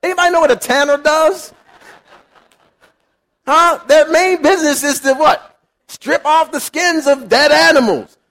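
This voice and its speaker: A man preaching a sermon in an animated, conversational way, acting out quotes. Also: extremely high pitch, unhurried, long pauses. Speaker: pastor.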